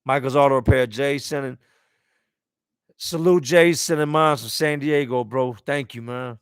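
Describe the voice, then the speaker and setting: A man hosting a live stream reads viewer comments aloud and talks candidly and emotionally, casual and blunt, sometimes swearing and repeating words while he searches for them. His medium-pitched voice is clear and resonant, measured in pace and fairly even in intonation, recorded dry with studio quality.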